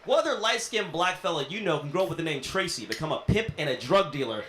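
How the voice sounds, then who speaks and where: A young man works through a stand-up set in a club, his slightly high voice swinging up and down with lively energy. He talks in a loose, punchy, conversational way, full of asides to the crowd. The sound is roomy, like a live venue. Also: fast talker, slight background noise. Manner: conversational, playful, punchy delivery with frequent asides. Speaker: stand-up comedian. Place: comedy venue with audience laughter.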